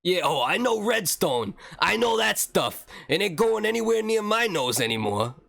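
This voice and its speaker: A man's voice: sits high, big pitch swings, normal speed, gravelly, fairly bright tone, voice pushed up, heavily acted. A man doing a drawling, Brooklyn-flavored impression of a cartoonish plumber. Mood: cocky. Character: Brooklyn-accented Mario-style plumber impression.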